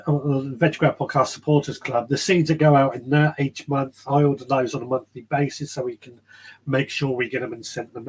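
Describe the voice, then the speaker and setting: Guy chatting on a live stream from his shed, bit husky, fairly high voice, rambly. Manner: chatty, rambling, reads out viewer comments. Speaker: podcast host. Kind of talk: casual live-stream chat. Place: garden shed.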